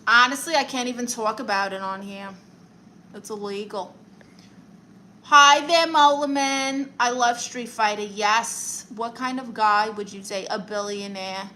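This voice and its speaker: Fairly high, bright and forceful, her voice carries over a little hiss or hum in rough audio. She's a young woman from Brooklyn with a New York accent, tossing off sassy, playful replies to viewer comments she reads aloud on a casual home stream.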